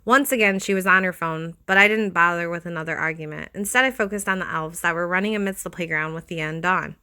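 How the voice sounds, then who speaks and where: A woman giving a steady, expressive scripted reading of a horror story. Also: lowish voice, fast, smooth.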